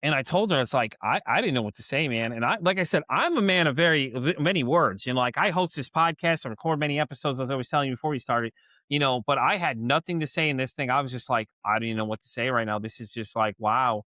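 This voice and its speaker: A man's voice: fairly high pitch, fast, bright, forceful tone, no echo, studio quality. A man with a Texan accent hosting a podcast in casual chat, telling stories animatedly, swearing and acting out his own reactions. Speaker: podcast host.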